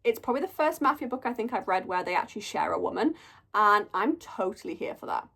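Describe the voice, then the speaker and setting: A woman's voice: mid-range voice, animated, fast, gravelly, fairly bright tone. A young woman chatting casually through a monthly reading wrap-up, gushing and storytelling with lots of "like". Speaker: book reviewer.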